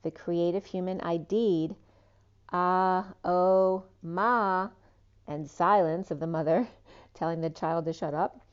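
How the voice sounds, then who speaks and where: A woman's voice: lowish voice, fairly even intonation, moderate pace, a little mellow, dull audio. A woman giving a spiritual tarot reading, wandering from one association to the next with frequent ums and trailing asides. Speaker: tarot reader.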